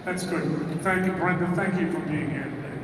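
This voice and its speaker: A high-pitched man offers gracious thanks. He sounds far from the mic, in a reverberant hall with clear background noise. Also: brisk. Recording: distant echoey hall with noise.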